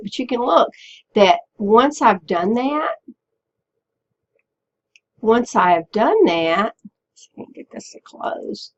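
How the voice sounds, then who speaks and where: A woman teacher walking students through a software tutorial step by step, patiently checking in with them as she goes. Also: medium pitch, lo-fi sound. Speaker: Spanish teacher. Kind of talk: screen-recorded software tutorial.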